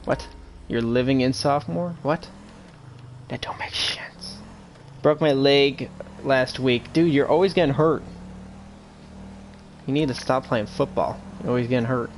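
A young man talks through a live stream of a police role-play game in a loose, rambling way, swearing freely now and then. His voice sits at an ordinary middle pitch. A faint hiss runs underneath. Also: normal speed, pauses often. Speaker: streamer playing a police officer.

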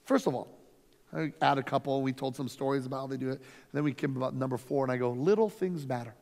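A man's voice: mid-range voice, quick pace. Reverberant, storytelling male pastor. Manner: storytelling, energetic, emphatic. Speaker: lead pastor. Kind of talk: conference workshop teaching. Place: conference workshop room. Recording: long reverb from a hall.

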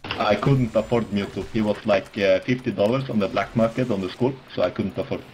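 A man talking with a teammate over voice chat during a game, excitable and prone to sudden high yelps. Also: a little fast, a little hiss or hum, low-quality recording. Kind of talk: casual gaming chat.

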